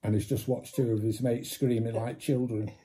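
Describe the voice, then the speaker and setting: A man with a dark, mellow voice spins a rambling road-trip anecdote in easy conversation. He swears often and slips into the voices of the people he quotes. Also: medium pitch, level tone, normal speed. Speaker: storyteller. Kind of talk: casual anecdote.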